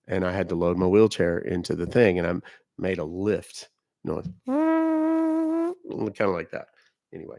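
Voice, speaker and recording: Talking casually to his viewers, a US livestream host gives blunt and emphatic warnings in a lowish voice. The sound is clean studio audio without any echo.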